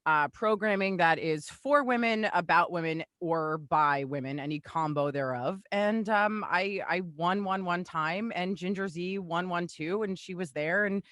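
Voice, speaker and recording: A woman joining a casual podcast by remote call, with a bright, sharp voice. The sound is close and dry. She talks in a bubbly, gushing way. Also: lowish voice, measured pace, hardly any pauses, no echo.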